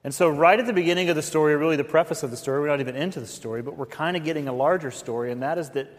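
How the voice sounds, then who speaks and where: A pastor giving a conversational sermon, with folksy asides to the congregation. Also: male voice, a little high, very fast. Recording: reverberant hall.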